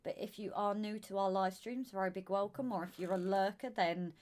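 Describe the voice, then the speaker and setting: A woman with a Southern English accent co-hosting a casual live stream, greeting viewers by name and calling them darling. Her voice is going hoarse. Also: medium pitch, a little fast, darkish tone, slight background noise. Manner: chatty, calls viewers darling and sweetheart. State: losing her voice. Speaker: live stream co-host reading chat.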